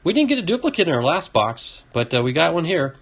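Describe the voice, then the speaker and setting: A man's voice: on the high side, very animated, fast talker, fairly bright tone. A man hosting a casual card-opening video, reading off names and chatting to a viewer. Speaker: card collecting video host. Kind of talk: casual box-opening commentary.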